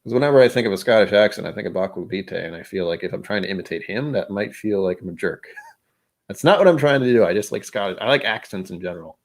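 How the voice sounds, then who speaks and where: A man with a fairly low voice hosts a relaxed livestream. He talks casually and rambles, restarting sentences and poking fun at himself. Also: quick pace. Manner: rambling, self-deprecating, with frequent restarts. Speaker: host of a whisky livestream.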